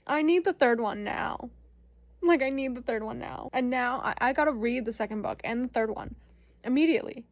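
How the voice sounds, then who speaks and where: Woman, book vlogger, bubbly and excitable, slightly high voice, casual chat. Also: no room sound. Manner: gushing, excitable, repeats words for emphasis; sounds out fantasy names slowly, stumbling and laughing.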